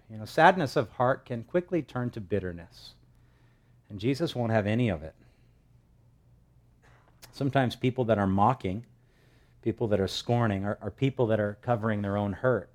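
Brief: male preacher, mid-pitched, emphatic sermon delivery with loud peaks. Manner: emphatic, rising to loud stresses. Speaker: pastor.

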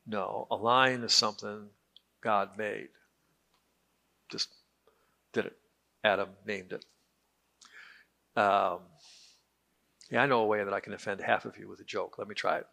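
Man teaching Bible class, gravelly voice, bright and forceful tone, joking, conversational. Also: on the low side, fairly even intonation, unhurried, pauses often. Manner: joking, conversational, repeats words when restarting.

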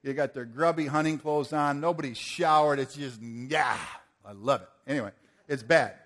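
Animated male preacher telling a story. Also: a little high, brisk. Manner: animated, acts out the people in his story. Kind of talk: storytelling sermon.

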